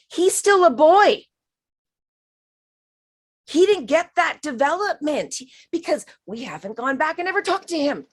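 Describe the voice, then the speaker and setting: A woman healer speaks on a live stream, her voice sitting a little on the high side. She talks frankly and with emphasis, drops the odd swear word, and calls her listener honey. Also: sing-song, measured pace, long pauses. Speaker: spiritual healer giving a reading. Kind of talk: live-stream healing reading.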